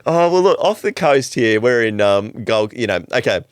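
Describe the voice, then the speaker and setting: A man, telling stories as a podcast guest in a lively, casual way, swearing freely and calling people "mate". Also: medium pitch, normal speed, dry recording. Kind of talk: casual storytelling chat.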